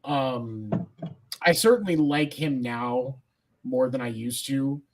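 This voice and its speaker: Male co-host, mid pitch, thoughtful and opinionated sports talk. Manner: measured, opinionated, thoughtful with fillers. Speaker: podcast co-host.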